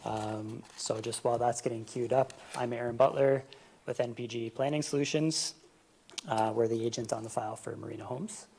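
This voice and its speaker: A man planning agent addresses council courteously and plainly. His voice is dark and mellow with a gravelly fry. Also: medium pitch, fairly even intonation, moderate pace, a little hiss or hum.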